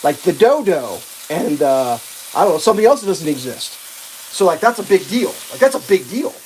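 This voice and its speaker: A woman's voice: fairly low pitch, very animated, moderate pace, a little mellow, slight background noise, poor audio. A woman hosting a livestream, ranting casually with profanity, many restarts and exasperated asides. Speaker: livestream host.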